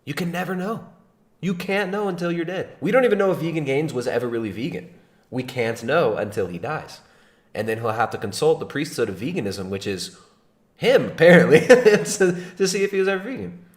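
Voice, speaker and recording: A man's voice: on the high side, animated, a little fast, echoey room. A man hosting a livestream, giving mocking reaction commentary in a sarcastic, laughing way. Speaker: livestream host.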